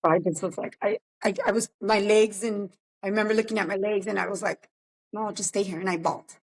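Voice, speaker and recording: A woman's voice: medium pitch, fairly even intonation, fast talker. A woman co-hosting a podcast, telling a personal story in a reflective, subdued way. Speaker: podcast co-host. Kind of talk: casual podcast chat.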